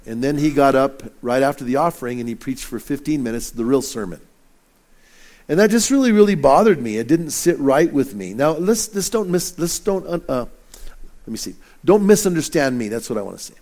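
Folksy middle-aged pastor, a bit high. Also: male voice, darkish tone. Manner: folksy, joking, many restarts. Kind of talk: conversational sermon.

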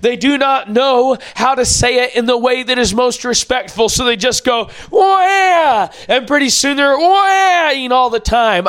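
A man delivering a sermon in a strikingly high voice. He preaches emphatically and leans into scripture quotations. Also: a bit bright.

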